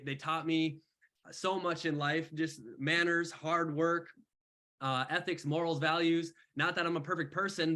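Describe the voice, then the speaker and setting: A young man mentoring on an online call, telling his story in casual, animated talk full of slang. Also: fairly high pitch. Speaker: mentor speaker.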